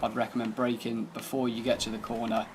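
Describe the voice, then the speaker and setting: A man's voice: medium pitch, level tone, fast, background noise. A man giving casual, laid-back commentary over gameplay, thinking aloud as he drives and tests a car. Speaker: gaming channel host.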